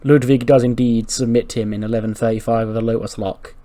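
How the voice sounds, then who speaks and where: A man's voice: medium pitch, steady tone, brisk, dark tone. A man hosting a gaming channel, narrating a let's-play in a rambling, casual way, swearing freely and laughing.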